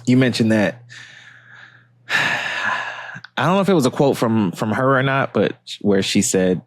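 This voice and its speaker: A man's voice: mid-range voice, expressive, unhurried, pauses often, no room sound, clean studio sound. A man co-hosting a podcast, chatting casually, joking and swearing with frequent laughs. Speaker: podcast co-host. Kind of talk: casual chat.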